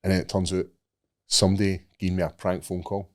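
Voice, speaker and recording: Podcast host, Scottish man, low-pitched, animated and profane storyteller. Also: fairly quick. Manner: animated storytelling, sweary, acts out voices. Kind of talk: casual chat.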